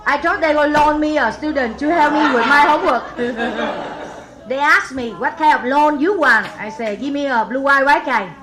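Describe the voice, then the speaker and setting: A woman's voice: high-pitched, normal speed, noisy background. A woman from Vietnam with a Vietnamese accent doing a stand-up set of one-liners, chuckling at her own jokes. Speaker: stand-up comedian. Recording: live comedy club crowd laughter.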